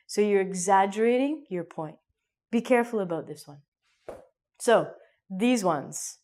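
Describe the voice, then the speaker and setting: A woman from Canada, speaking a little slowly in a mid-range voice with a Canadian accent, runs a jokey, playful online English lesson. She acts out mini scenes, suddenly going loud and then hushed.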